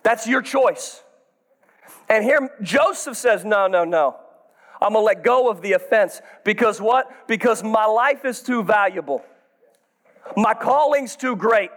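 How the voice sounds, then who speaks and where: A man in his thirties, a pastor preaching a sermon, building up to shouts for emphasis. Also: high voice, lively intonation, measured pace.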